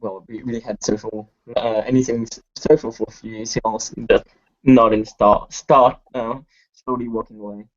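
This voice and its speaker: A man playing in a tabletop game, describing his character's actions. He speaks haltingly, with restarts. The recording sounds muffled, as if from a cheap mic. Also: lowish voice, flat delivery. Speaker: player.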